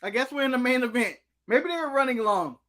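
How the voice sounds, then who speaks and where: A man from the United States with a high, bright voice co-hosts a casual live stream. He rants with animated energy, munching food between points. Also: fast talker. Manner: animated ranting, snacking while talking. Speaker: co-host.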